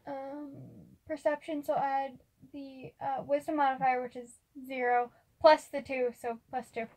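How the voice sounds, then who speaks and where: Woman, high voice, game master, casual hesitant narration, tabletop game. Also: little pitch movement, unhurried, background noise.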